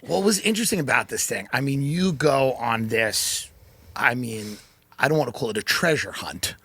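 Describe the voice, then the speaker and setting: A man's voice: mid-range voice, expressive, moderate pace, fairly bright tone, breathy edge, no echo. A man hosting an interview, chatty and self-deprecating, telling stories in casual conversation. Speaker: interview host.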